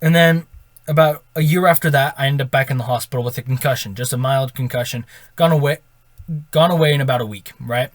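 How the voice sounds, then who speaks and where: A man's voice: medium pitch, fairly quick, no echo. A man telling a true story from his life in a casual vlog, rambling along with self-corrections and "right?" tag questions. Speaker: storytime vlogger.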